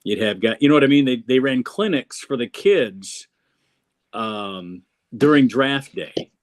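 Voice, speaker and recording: A man's voice: mid-range voice, measured pace. A middle-aged man hosting a casual chat among comedians, rambling and easygoing. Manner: rambling, easygoing, many restarts. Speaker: host.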